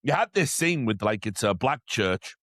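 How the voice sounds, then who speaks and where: Guy chatting about movies, acts out scenes with energy, dry mic, normal pitch. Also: moderate pace, dry recording. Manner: animated storytelling, acts out scenes. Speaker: podcast co-host. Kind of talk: casual film discussion.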